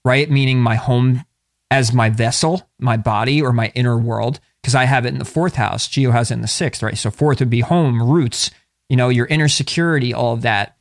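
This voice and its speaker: A man co-hosting a podcast in casual chat, relaxed and rambling with many fillers. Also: mid-range voice, normal speed, no echo, studio quality. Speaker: podcast co-host.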